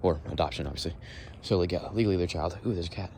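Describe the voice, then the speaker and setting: A man's voice: low-pitched, fast, darkish tone, a little hiss or hum. A young man hosting a casual walk-and-talk podcast, rambling bluntly with swearing and frequent restarts, recorded outdoors at dusk. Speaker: podcast host.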